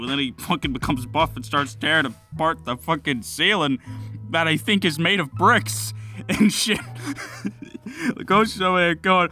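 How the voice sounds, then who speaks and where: Animated young man ranting about a show. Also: on the high side, normal speed. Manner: rambling, swears a lot, laughs often. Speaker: anime reviewer. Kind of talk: casual profane reaction commentary. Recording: faint music behind.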